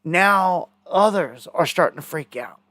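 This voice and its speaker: A man's voice: high-pitched, lively intonation, unhurried, sharp tone, dry recording, clean studio sound. A man hosting a live news stream, rambling and indignant in a conspiratorial commentary.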